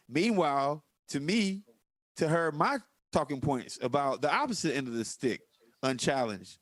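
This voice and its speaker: A man's voice: a little high, unhurried, no room sound. A man in casual political chat, telling stories emphatically. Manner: animated storytelling, profane, emphatic. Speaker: podcast co-host.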